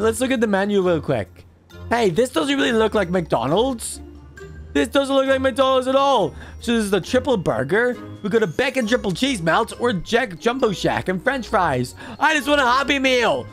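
Man playing a greedy little toddler, very high squeaky voice, game music faint underneath. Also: moderate pace, heavily acted. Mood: excited. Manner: high babyish voice, excitable gaming chatter. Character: mischievous toddler boy, excitable and greedy. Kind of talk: gameplay commentary in character.

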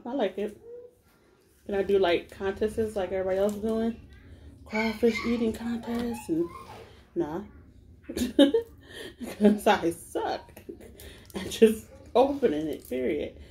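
A woman eats on camera and talks easily to her audience, her voice sitting at a middle pitch. She hums and smacks between bites. Steady household noise and a crying baby run under her voice throughout the recording. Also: a little slow, long pauses. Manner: chatty, addresses viewers as y'all, smacks and hums while eating. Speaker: food vlogger. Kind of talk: mukbang eating vlog, casual chat. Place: at home with her family. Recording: noisy home recording.

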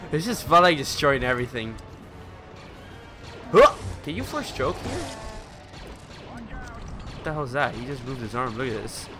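A man giving casual, excitable commentary while playing a video game, swearing and yelling out his attack moves. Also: mid-range voice, a little slow, long pauses. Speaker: let's play commentator. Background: loud game music.

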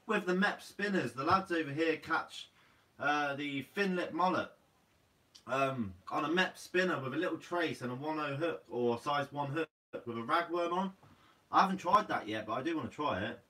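A man's voice: fairly high pitch, normal speed, sharp tone, recorded from a distance, rough recording. A young man from Guernsey with a Guernsey accent, hosting a fishing channel's live Q&A, reading out comments in a laid-back, slightly sleepy way and calling everyone "mate". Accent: Guernsey English.

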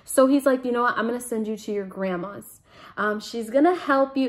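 A young woman vlogger telling a personal story in a chatty, animated way, with dramatic asides. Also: fairly high pitch, moderate pace. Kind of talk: casual storytime vlog.

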